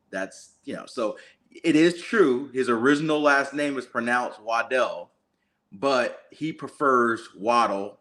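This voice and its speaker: A man co-hosting a sports talk show who explains his points in a measured, analytical way. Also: medium pitch, a bit bright. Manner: measured, analytical, uses fillers. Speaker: sports talk co-host and reporter.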